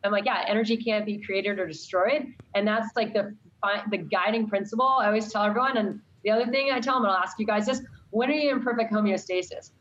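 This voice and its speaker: A woman's voice: medium pitch, quick pace, hardly any pauses, fairly bright tone, lo-fi sound. A woman who teaches college science, talking earnestly and with strong opinions in a casual chat.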